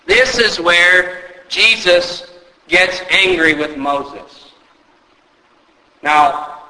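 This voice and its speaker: A man preaching a sermon, often asking rhetorical questions and rising sharply in pitch for emphasis. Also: sharp tone, in a large hall, poor audio. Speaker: pastor.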